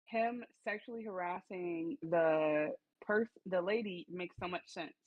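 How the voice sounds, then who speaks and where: A woman's voice: lowish voice, unhurried, no room sound, narrow, tinny audio. A woman co-hosting a podcast, reacting to a TV episode with incredulous, emphatic commentary. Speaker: podcast co-host. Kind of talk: casual TV recap chat.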